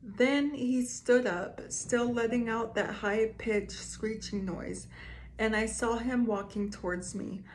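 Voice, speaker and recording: Slow-reading woman telling creepy stories. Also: a little high, steady tone, slight background noise. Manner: slow, reads aloud with asides and reactions. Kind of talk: casual reading of scary stories to viewers.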